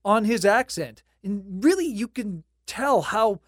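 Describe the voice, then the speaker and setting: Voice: medium pitch, lively intonation, takes it slowly, no echo. A host narrating music history in a scripted, conversational way with light wry asides, recorded close and dry.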